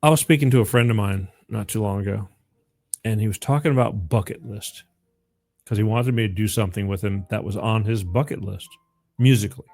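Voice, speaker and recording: A man's voice: fairly low pitch, fairly quick, vocal fry, darkish tone. Chatty man hosting a call-in show. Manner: rambling, chatty, laughs often, repeats phone number. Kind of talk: casual call-in radio chat.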